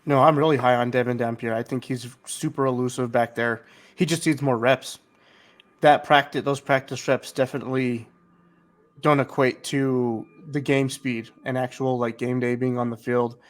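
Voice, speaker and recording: A man's voice: mid-range voice, steady tone, normal speed. Upbeat young-sounding male analyst. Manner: upbeat analytical, says "like" and "kinda". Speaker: podcast co-host. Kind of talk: casual sports podcast chat.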